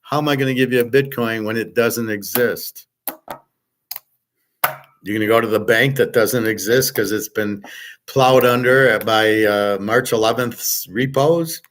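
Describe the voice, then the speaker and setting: A man's voice: medium pitch, a little slow, a bit bright. A man hosting a livestream, ranting and reading chat comments in a profane, sarcastic, combative way. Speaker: host.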